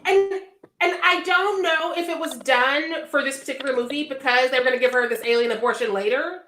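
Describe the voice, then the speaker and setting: A woman's voice: high voice, fairly quick, a bit bright, soft background music. A woman on a podcast ranting bluntly and with exasperation in casual chat. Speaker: podcast co-host. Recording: echoey room.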